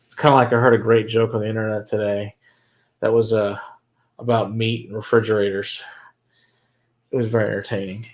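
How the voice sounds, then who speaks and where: A man's voice: lowish voice, flat delivery, brisk, pauses often. A man hosting a whiskey livestream, chatting casually with viewers, answering their comments and laughing often.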